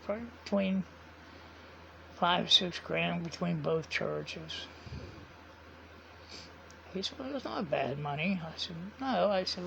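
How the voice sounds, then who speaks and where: His rough, strongly gravelly voice, a little high for a man, carries a bright, forceful tone over slight background noise. The vlogger spins a rambling, casual story, repeating every bit of dialogue with "I said" and "he said," in dull lo-fi audio.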